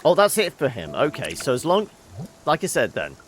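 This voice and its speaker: A man's voice: medium pitch, huge pitch swings, normal speed, faint music behind. A man hosting a casual let's-play, thinking aloud about game puzzles as he plays. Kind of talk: casual gameplay commentary.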